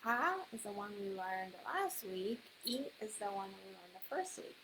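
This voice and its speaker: A woman teaching a language class, patient and explaining slowly with many fillers. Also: medium pitch, very animated. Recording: hissy background noise.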